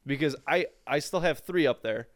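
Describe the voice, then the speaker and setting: A man co-hosting a casual podcast about fighting games, animated and sarcastic, swearing freely. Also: on the high side, moderate pace, no echo, clean studio sound. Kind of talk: casual gaming chat.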